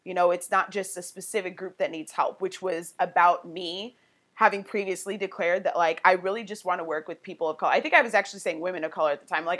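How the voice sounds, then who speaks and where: A woman's voice: on the low side, fairly even intonation, fast talker, fairly bright tone. A woman guest on a podcast, telling a personal story in a candid, conversational way full of "like" and "you know". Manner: candid and emotionally open.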